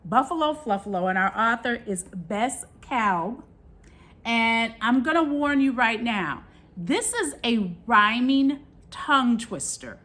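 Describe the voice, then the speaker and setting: A woman reads a rhyming picture book aloud for kids, her voice bright and lively, rising and falling as she goes. Her pitch sits a little high. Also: slow pace. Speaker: children's book read-aloud host.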